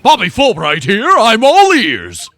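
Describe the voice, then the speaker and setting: A man's voice: sits high, huge pitch swings, a little slow, bright, forceful tone, soft background music, pitched above the performer's own voice, heavily acted. A man voicing an eager male police detective who stammers when pressed.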